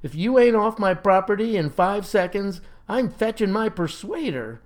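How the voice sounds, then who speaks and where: Man doing a gruff grizzled old farmer. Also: fairly high pitch, big pitch swings, normal speed. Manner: gruff and threatening.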